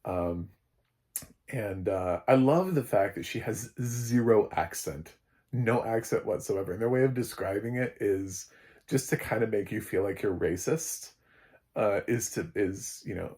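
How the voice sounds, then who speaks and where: A man's voice: lowish voice, a little slow, a little mellow. An American man giving a casual spoken film review, blunt and sarcastic, rambling with lots of fillers and restarts. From United States. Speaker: film critic.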